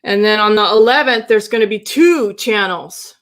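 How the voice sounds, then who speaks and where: A woman's voice: mid-range voice, moderate pace. Woman, spiritual reader on a livestream; affirming, meandering delivery. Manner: warm, affirming, meandering with restarts. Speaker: human design reader. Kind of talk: livestream reading, casual chat.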